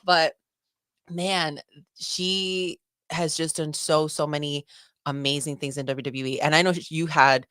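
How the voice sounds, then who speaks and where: A young woman co-hosting a casual wrestling podcast, gushing and excitable, with many fillers and restarts. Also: sits low, normal speed, no room sound. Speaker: podcast co-host.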